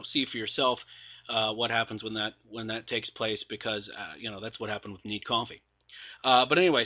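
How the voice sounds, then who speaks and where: A man's voice: mid-range voice, pushed and bright, lo-fi sound. A man casually reviewing new releases with sarcastic asides and many fillers and restarts, his voice wearing out. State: losing his voice. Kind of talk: casual podcast commentary.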